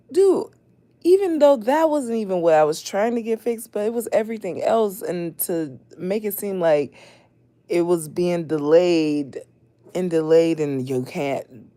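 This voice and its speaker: A mother hosting a casual late-night livestream, expressive and laughing often, swinging between loud outbursts and hushed talk. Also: mid-range voice, no room sound. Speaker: livestream host.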